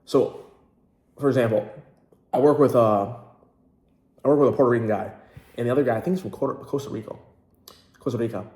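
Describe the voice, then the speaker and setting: Mellow-voiced man rambling casually. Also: mid-range voice, fairly quick, long pauses. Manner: chatty, full of fillers and restarts. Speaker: language-learning vlogger. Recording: roomy echo.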